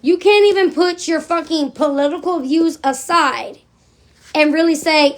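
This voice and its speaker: A woman's voice: high voice, a little slow. A middle-aged woman ranting in a livestream monologue, blunt and profane, repeating phrases for emphasis.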